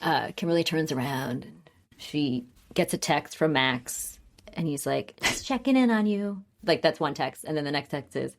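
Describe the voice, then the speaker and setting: A woman's voice: low voice, fairly even intonation, moderate pace, gravelly. A woman co-hosting a podcast, chatting casually as she recaps a TV episode and acts out the characters' lines. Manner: retells scenes, acting out characters' lines in a raised voice. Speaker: podcast co-host.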